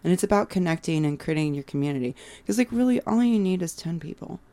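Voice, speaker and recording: A woman in her thirties, a guest musician in casual podcast chat, animated and swearing freely as she acts out what friends said. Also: on the low side, quick pace. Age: 30s.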